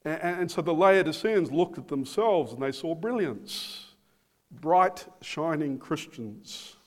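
A man preaching a sermon, slow and emphatic, repeating phrases for weight. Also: a little high, lively intonation. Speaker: pastor.

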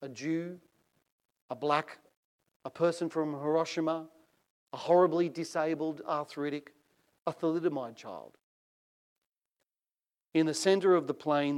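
A man preaching a sermon in a slow, deliberate cadence. His voice sits a little higher than most men's, and he leans hard into key phrases with dramatic, swelling emphasis. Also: a little mellow. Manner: measured, dramatic reading with rising emphasis.

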